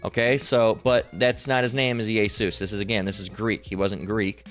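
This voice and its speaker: Over soft background music, a religious teacher delivers informal Bible teaching by screen share in a lowish, fairly bright voice. His delivery is flat and normal in speed, halting and filler-heavy, with frequent "all right?" check-ins.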